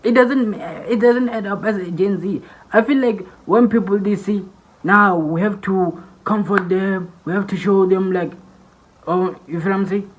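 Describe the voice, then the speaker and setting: A man's voice: high-pitched, measured pace, low-quality recording. A young man casually commenting in a reaction video, laid back and full of slang. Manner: laid-back slangy talk, frequent "bro" and "you feel what I'm saying".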